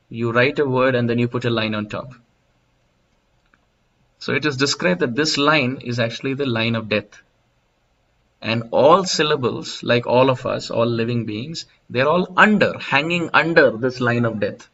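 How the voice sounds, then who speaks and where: A man delivers a devotional lecture, unfolding a story step by step in a clear, forceful, bright tone. His pitch sits in an ordinary middle range. The recording is dull and lo-fi, as if taken in a temple hall. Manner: storytelling, explanatory, with soft laughs.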